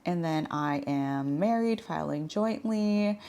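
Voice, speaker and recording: A woman's voice: low voice, lively intonation, slow, warm tone. A woman in her thirties vlogging in a frank, chatty way, full of filler words. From Washington state. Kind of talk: casual chat.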